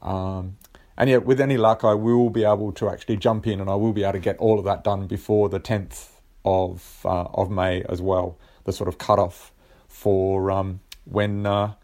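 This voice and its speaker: A man's voice: deep voice, little pitch movement, normal speed, darkish tone. A man with an Australian accent hosting a casual solo podcast, rambling with lots of ums and restarts. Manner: rambling, with many filler sounds and restarts. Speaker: podcast host.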